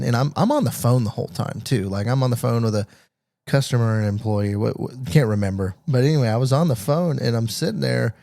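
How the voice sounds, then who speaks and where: A young man co-hosting a casual parenting podcast, telling stories in a halting way with many restarts. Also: lowish voice, creaky, warm tone, no echo. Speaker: podcast co-host. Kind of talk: casual chat.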